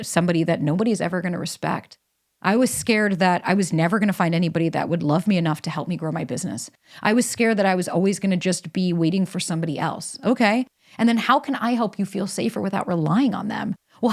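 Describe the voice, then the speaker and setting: Woman, podcast host, emphatic, casual and animated, blunt swearing, mid-pitched voice. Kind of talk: solo podcast monologue with ad read.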